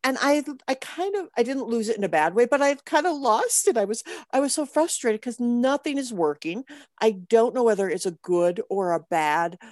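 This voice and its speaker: A woman's voice: fairly high pitch, animated, moderate pace, darkish tone, dry recording, studio quality. A woman caller telling a trainer about her dog, rambling and laughing often. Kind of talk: casual chat.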